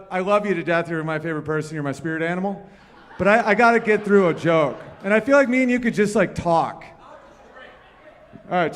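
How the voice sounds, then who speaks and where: Brash, high-voiced comedian in a bar. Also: male voice. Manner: loud, brash and profane, teasing an audience member. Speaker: comedian at the piano. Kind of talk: bar crowd work between songs. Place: bar or club room. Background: faint piano.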